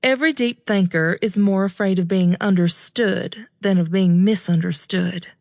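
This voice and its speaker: A woman reading an audiobook, voicing its witty, bookish young heroine in a brighter, raised voice. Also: mid-range voice, normal speed, no room sound, clean studio sound, lightly acted. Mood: playful.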